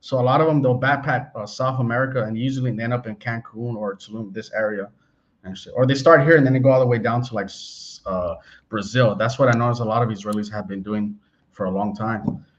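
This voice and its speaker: Man, travel channel host, blunt, profane, outspoken, mid-pitched voice, dull lo-fi audio. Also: fairly even intonation, a little fast. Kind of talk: casual chat.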